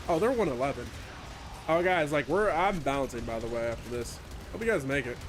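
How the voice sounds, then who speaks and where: A medium-pitched man speaks briskly, streaming a game with steady noise in the background. His casual chat is rambling, foul-mouthed, and self-deprecating while he plays.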